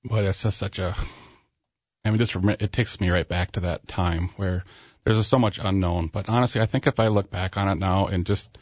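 A man, guest on a radio show with his wife, speaking in a halting, reflective way. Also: deep voice, fairly even intonation, no room sound, dull audio. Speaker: guest, host's husband. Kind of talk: casual conversation. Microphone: studio microphone.

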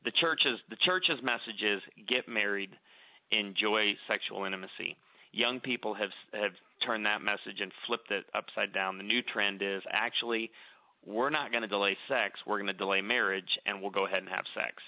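A man's voice: fairly low pitch, normal speed, no echo. A middle-aged man speaking earnestly in a conversational interview, often repeating words as he starts a thought. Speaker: radio show guest speaker on marriage. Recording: dry, narrow phone-like sound.

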